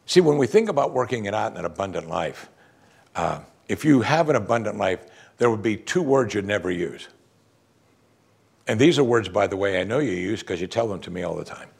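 A middle-aged male pastor preaching an animated sermon, acting out what people say to him. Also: fairly low pitch, a little fast, creaky, breathy edge. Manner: animated preaching, quoting congregants in mock voices.

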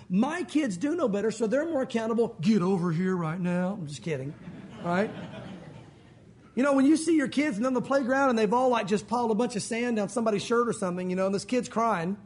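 A man preaches a sermon in a relaxed, conversational way, dropping in joking asides. His voice sits very high for a man. It has a husky, slightly rough texture. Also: fast. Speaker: pastor.

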